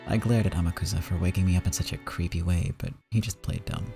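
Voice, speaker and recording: A man's voice: deep voice, fairly even intonation, fast, gravelly, over music. A man streaming a visual novel playthrough, narrating it in the first person with dramatic reading that sinks to whispers at tense moments.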